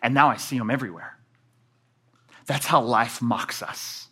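A man preaching a sermon, animated, swinging between loud emphatic passages and low quiet ones. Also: moderate pace, husky. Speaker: pastor.

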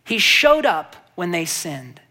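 A pastor preaching with rising intensity. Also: male voice, sits high, takes it slowly, creaky. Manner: building from quiet reflection to animated emphasis; rhetorical questions to the congregation. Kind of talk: sermon.

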